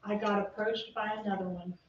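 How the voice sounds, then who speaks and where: A woman prosecutor giving a closing argument to a jury, pressing her points with rapid rhetorical questions, heard through a distant courtroom feed. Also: medium pitch, flat delivery. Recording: roomy, distant, muffled courtroom feed with faint hiss.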